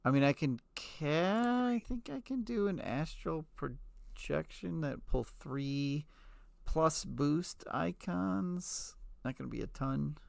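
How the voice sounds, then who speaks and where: A man co-hosting a podcast, playing a card game in casual talk, thinking aloud, reading card text and correcting himself quickly. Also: fairly high pitch, lively intonation, creaky. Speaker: podcast co-host.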